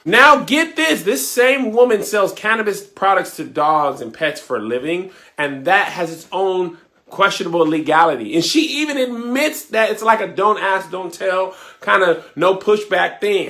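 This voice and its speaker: Woman, comedic rant, sarcastic, mocking, bright, animated pitch. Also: moderate pace. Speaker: viewer commentator.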